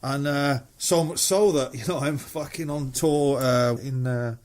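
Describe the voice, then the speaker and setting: A man's voice: medium pitch, fairly even intonation, unhurried, darkish tone. A middle-aged man with a Mancunian English accent, a musician guest telling anecdotes in casual chat, swearing freely and acting out quoted voices.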